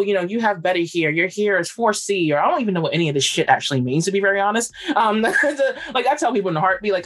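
A woman from Brooklyn hosting a podcast, talking frankly and rambling in casual conversation, often laughing. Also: lowish voice. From Brooklyn, New York. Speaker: podcast host.

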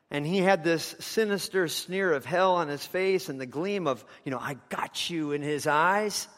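A man's voice: a little high, normal speed, few pauses, fairly bright tone, long reverb tail. A man preaching a sermon, telling a story with passion, his intensity rising and falling.

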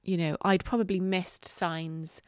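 A middle-aged woman hosting a solo podcast, talking candidly and reflectively, halting with fillers and the odd swear word. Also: on the low side, fairly even intonation, smooth, dry recording, studio quality. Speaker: podcast host. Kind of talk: casual solo podcast monologue.

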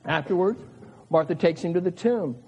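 A man's voice: sits high, animated, normal speed, vocal fry, a little mellow, slightly rough, in a large hall, highs cut off. A man preaching a sermon in an earnest manner, his voice rising dramatically as he makes his points. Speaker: pastor.

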